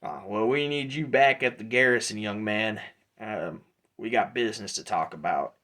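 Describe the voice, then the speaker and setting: A man voicing a tall, strong male crossbow-carrying guard, gruff and blunt, who swears and talks plainly. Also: lowish voice, moderate pace, fairly bright tone, close to an everyday voice. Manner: rough, swearing, plain-spoken.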